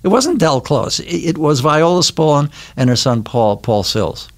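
An older man from Wisconsin, a podcast guest telling anecdotes and memories in a relaxed, casual interview in a recording studio. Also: on the high side, moderate pace. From Milwaukee, Wisconsin. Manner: reminiscing, anecdotal storyteller.

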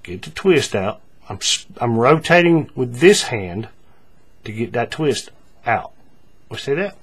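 Step by step, a man teaches a paracord craft in a relaxed tone, frequently using fillers and going back over his words. He has a mid-range voice, takes his time, and carries a breathy edge.

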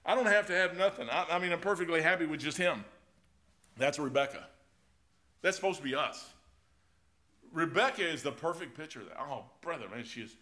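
Folksy, animated pastor. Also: male voice, fairly high pitch. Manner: folksy, animated preaching with loud swells and quiet drops. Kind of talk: sermon.

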